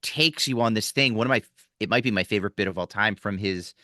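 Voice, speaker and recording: A man in his forties from Philadelphia, talking as a guest comic in loose podcast chat. His tone is bright and forward, and he tells stories in a rambling, animated way, circling back and restarting as he goes. The sound is dry and close, with almost no room. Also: lowish voice, fast talker, no room sound. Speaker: guest comedian.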